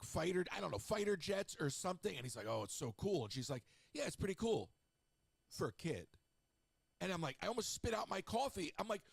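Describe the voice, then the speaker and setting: A middle-aged man hosting a radio show, chatting in a snarky, rambling way with lively asides. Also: high-pitched, no echo. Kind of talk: casual solo radio talk.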